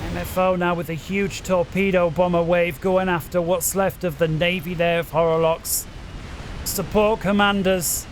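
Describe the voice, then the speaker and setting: A high-pitched man calling a long strategy game match at his desk microphone. He talks quickly and grows more animated as the action heats up, urging the players on. A faint hiss sits under the recording. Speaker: game commentator. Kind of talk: excited strategy game commentary.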